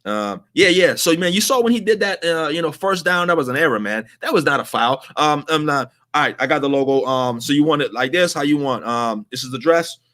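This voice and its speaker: A man's voice: fairly high pitch, expressive, a little fast, hardly any pauses, fairly bright tone. A man voicing a distracted young male shop worker who mumbles and trails off while he talks on his earbuds. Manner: mumbling, half-attentive, trailing off.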